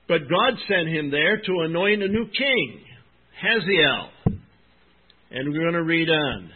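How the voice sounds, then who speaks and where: A man's voice: a little high, phone-quality sound. A man preaching a sermon in an earnest, emphatic way, asking his congregation questions as he goes. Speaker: pastor.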